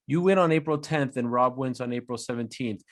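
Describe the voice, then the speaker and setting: A man's voice: mid-range voice, a little fast. A man interviewing a guest, asking questions in a teasing, jokey way.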